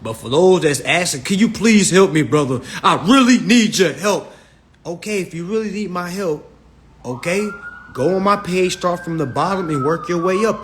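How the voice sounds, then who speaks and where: A man's voice: high-pitched, a little hiss or hum. A young man hosting a phone livestream, giving blunt, profane instructions on reading contracts and checking in with his viewers again and again. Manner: blunt, profane, keeps checking in with "all right?"; repetitive, emphatic preaching tone. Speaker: livestream host teaching consumer law. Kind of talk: casual instructional livestream rant. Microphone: phone on a live stream.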